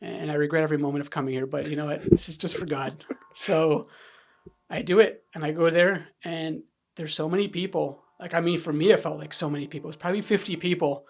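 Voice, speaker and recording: Gravelly higher-voiced man telling his story. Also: fairly even intonation, brisk, slight background noise. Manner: rambling, frequent "right?" and restarts, drops to near-whisper when reliving moments. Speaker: podcast guest. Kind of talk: candid personal storytelling in conversation.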